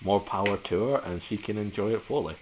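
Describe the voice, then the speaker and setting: A woman's voice: a bass voice, a little fast, noisy background. A woman streaming a video game, chatting casually and joking wryly as she plays. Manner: wry, joking, easily amused. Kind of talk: casual gaming chat.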